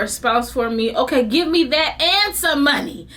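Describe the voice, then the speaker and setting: A woman in her thirties venting in a candid casual chat, swinging between low subdued lines and high exasperated bursts, laughing through her frustration. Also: measured pace, few pauses, fairly bright tone. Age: 30s. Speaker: vlogger.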